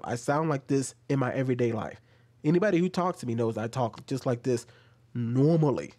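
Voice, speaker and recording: Male reaction-video commentator, mid-pitched, combative, ranty. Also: a little fast, warm tone. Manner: argumentative, rising into heated ranting.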